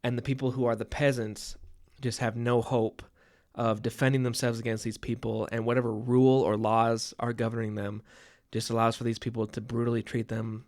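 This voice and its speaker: A man's voice: mid-range voice, little pitch movement, brisk, few pauses, a little mellow. A man co-hosting a podcast, thinking aloud about a book in casual chat, often stammering and repeating words. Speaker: podcast co-host.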